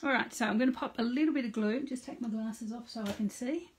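A woman's voice: on the high side, fast talker, husky. A middle-aged woman hosting a casual live card-making demonstration. She chats with viewers by name and narrates each step aloud.

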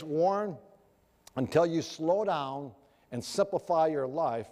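Lively, higher-voiced preacher man in a hall. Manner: animated, acts out the people in his story. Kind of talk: storytelling sermon. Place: large hall with an audience. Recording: long hall reverb.

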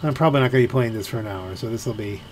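A man's voice: mid-range voice, very fast. A man giving let's play commentary in a rambling, musing way, full of fillers and restarts. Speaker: gameplay commentator.

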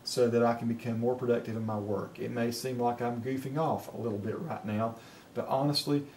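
A man with a Southern Appalachian accent dictating to software and reviewing it in a plain, folksy way, thinking out loud. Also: mid-range voice, a little hiss or hum. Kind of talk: casual dictation test and review.

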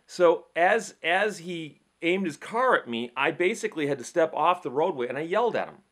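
Male host, middle-aged, pitched a bit high; chatty storyteller who stumbles over repeated words. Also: moderate pace. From Michigan, USA. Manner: animated storyteller, frequent repeats and restarts. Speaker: legal commentary host. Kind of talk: casual explainer talk.

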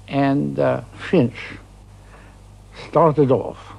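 An older man, a veteran being interviewed, telling an anecdote in a hesitant way with many pauses and fillers. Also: medium pitch, fairly even intonation, vocal fry, a little mellow, husky, lo-fi sound. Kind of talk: archival interview recollection.

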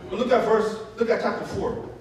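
A man with a very high voice preaches an animated sermon, stopping to have the congregation call back the words. He is picked up from a distance in a church with heavy reverb. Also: fairly quick, slight background noise. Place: church sanctuary. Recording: echoey church from a distant mic.

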